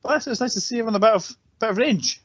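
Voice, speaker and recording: A man's voice: very high-pitched, fast, husky, no room sound, dull audio. A man co-hosting a podcast, rambling casually about a film and searching for words. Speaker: podcast co-host. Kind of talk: casual chat reviewing a film.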